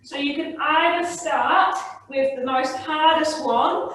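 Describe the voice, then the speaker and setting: A woman exercise instructor with a slightly high voice leads an online class, coaching the moves and often checking in with "okay?". She sounds far from the mic in a very echoey indoor room. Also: takes it slowly, fairly bright tone.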